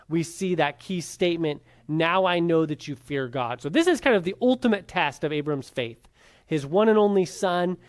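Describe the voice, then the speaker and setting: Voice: mid-range voice, smooth. A Bible class teacher giving an informal lecture, talking casually with many fillers and tag questions, and putting rhetorical questions to the class before answering them.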